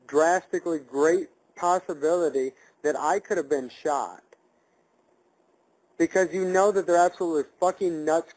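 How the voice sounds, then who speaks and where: A man's voice: a little high, darkish tone, rough recording. A man calling in to a live show as an auditor, ranting angrily and stumbling over repeated words. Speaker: caller, auditor. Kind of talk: angry phone call.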